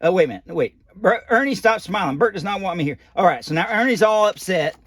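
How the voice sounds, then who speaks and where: A man's voice: sits high, expressive, fast talker, a bit bright, no echo, clean studio sound. Een praatgrage oude animatronic-pop, gespeeld door een man, leest een prentenboek voor en dwaalt steeds af met volkse opmerkingen. De stem is hoog en springt levendig op en neer. Droog en dichtbij opgenomen. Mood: chatty. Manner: folksy, rambling asides, loose grammar. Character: folksy old male animatronic doll storyteller. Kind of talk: reading a children's picture book aloud.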